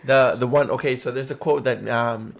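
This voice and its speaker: A man's voice: medium pitch, fairly even intonation, normal speed, creaky. A man co-hosting a casual podcast, teasing his friend and laughing along. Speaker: podcast co-host. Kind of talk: casual group banter.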